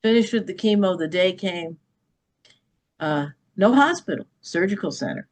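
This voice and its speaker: A woman's voice: lowish voice, expressive, moderate pace, darkish tone. A middle-aged woman, a podcast guest, telling a personal story with emphasis and often checking in with "okay?".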